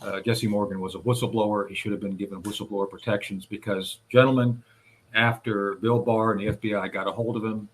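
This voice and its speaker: A man recounting a series of events in recorded testimony, speaking deliberately with frequent hesitations and restarts. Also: fairly low pitch, little pitch movement, a little hiss or hum. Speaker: whistleblower advocate recounting events. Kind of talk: recorded testimony played on a radio show.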